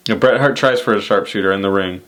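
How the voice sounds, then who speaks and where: A man's voice: on the low side, quick pace, fairly bright tone. A man co-hosting a wrestling review podcast, recapping matches in a laid-back, casual way. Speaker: podcast co-host. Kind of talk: casual chat.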